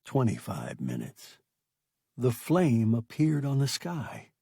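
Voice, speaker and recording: A male narrator reading a science fiction story with dramatic flair. His pitch swings widely, while his slow voice carries a husky, gravelly texture in a dry, close sound. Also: wildly swooping pitch, warm tone, dry recording. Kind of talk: audiobook narration.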